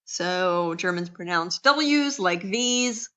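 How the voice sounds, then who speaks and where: American lady teacher talking slow, bright sharp voice, kinda muffled lo-fi recording. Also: fairly low pitch, lively intonation. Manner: chatty, acts out quotes, many restarts. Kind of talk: casual classroom lecture.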